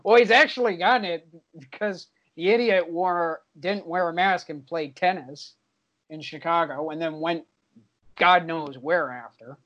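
A man's voice: fairly high pitch, unhurried, a bit bright, highs cut off. A young man co-hosting a casual sports podcast, hesitant and stammering, laughing along. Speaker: podcast co-host.

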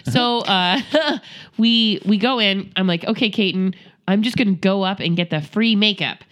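A woman's voice: mid-range voice, normal speed, a bit bright. A woman co-hosting a casual chat, telling a family story with animation and acting out voices.

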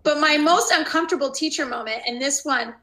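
A woman in her forties tells stories in casual chat over a video call, acting out her own reactions. Her voice sits high, with a bright and forceful edge. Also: fairly quick. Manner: animated storytelling, acts out her own reactions. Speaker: teacher.

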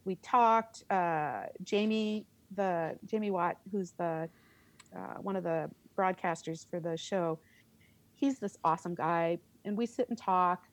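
A middle-aged woman, a theater teacher, telling a story in an interview, animated and laughing as she acts out her reactions. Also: on the low side, slow pace.

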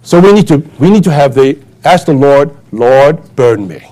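A man's voice: a little fast, warm tone. A man preaching a sermon with conversational asides, full of fillers and restarts, then building to urgent, impassioned exhortation. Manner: impassioned, rising to urgent high-pitched exhortation.

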